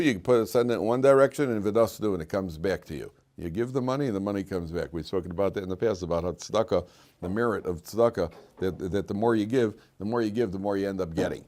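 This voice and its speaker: Rambling, joking older rabbi teaching a class. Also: male voice, on the low side, darkish tone. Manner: rambling, many fillers and restarts, joking storyteller. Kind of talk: informal Torah class with jokes. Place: classroom with students.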